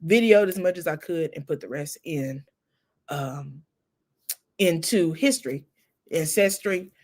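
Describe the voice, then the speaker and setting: A woman's voice: deep voice, unhurried. Woman telling heartfelt family stories. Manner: warm, emotional, with laughs and soft asides. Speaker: host. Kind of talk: casual heartfelt storytelling.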